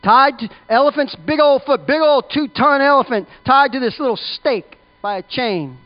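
A man's voice: very high-pitched, lively intonation, normal speed. A man preaching a sermon in an emphatic, conversational way. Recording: dull lo-fi recording.

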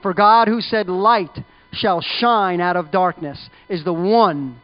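High-voiced male preacher, lo-fi. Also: takes it slowly. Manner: emphatic, conversational preaching. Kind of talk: sermon. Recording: dull lo-fi recording.

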